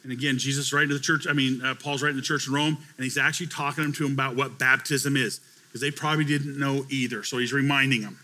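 A man's voice: medium pitch, fairly even intonation, fast talker, sharp tone. A man preaching a conversational sermon to his church as pastor, telling stories with acted-out dialogue.

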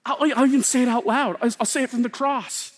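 A man preaching a sermon, swinging between loud emphasis and hushed, slow lines. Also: very high voice, steady tone. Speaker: pastor. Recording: long hall reverb.

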